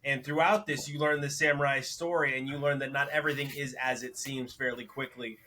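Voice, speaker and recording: An easygoing man reviews shows as a podcast co-host, talking them through in a relaxed, conversational way. His voice sits in a middle pitch with a bright edge. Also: brisk, slight background noise. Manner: easygoing, gives ratings. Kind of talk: casual review chat.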